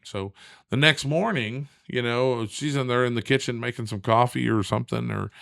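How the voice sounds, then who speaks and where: A middle-aged man telling a long story in a lively, casual way, acting out the voices of the people in it. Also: medium pitch, moderate pace, creaky, dry recording, clean studio sound. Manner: animated, acts out quoted voices. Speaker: guest.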